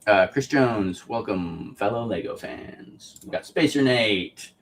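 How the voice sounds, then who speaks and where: A man with a fairly low voice hosts a casual livestream chat. He sounds relaxed and loose, with plenty of ums as he greets viewers and reads their comments aloud. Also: slow pace. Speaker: podcast host.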